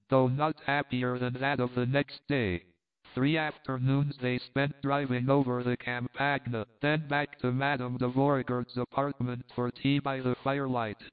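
Smooth-voiced male audiobook narrator. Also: mid-range voice. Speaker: audiobook reader. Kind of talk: scripted narration. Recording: tinny phone-like sound.

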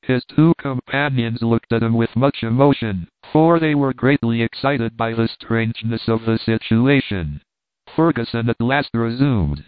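Man, audiobook narrator, steady reading, mid-pitched voice, phone-like tinny sound. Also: a little slow, no room sound.

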